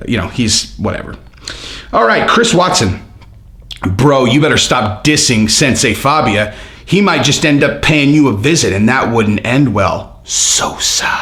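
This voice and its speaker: A man hosting his own channel, reading out comments and mocking them in casual, rambling talk full of fillers. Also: medium pitch. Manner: animated, sarcastic, rambling with many fillers. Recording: roomy echo.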